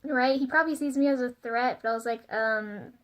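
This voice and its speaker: A high-voiced young vlogger talks a little fast through a chatty confessional video, wandering loosely with lots of "like" and "um." Giggly and frequently flustered, she seems self-conscious as she goes.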